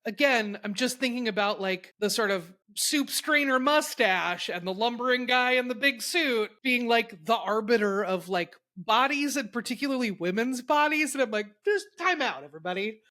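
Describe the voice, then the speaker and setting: A woman's voice: fairly high pitch, normal speed, hardly any pauses, a bit bright. A young woman talking as a guest on a podcast, thoughtful and analytical, often checking in with "right?". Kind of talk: casual conversational discussion.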